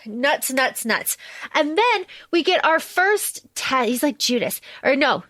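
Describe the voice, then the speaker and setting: Chatting casually on a podcast she co-hosts, a woman with a high voice speaks slowly while animatedly recounting a movie. She curses freely and performs the characters' dialogue in raised voices, captured in a dry recording.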